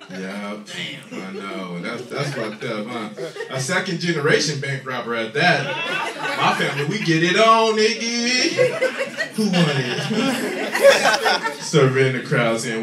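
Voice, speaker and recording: A man doing a profane, animated stand-up comedy set on a club stage, with shouted punchlines. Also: a little high, a little slow, very noisy. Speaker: stand-up comic. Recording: echoey club audio recorded from a distance. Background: loud crowd laughter.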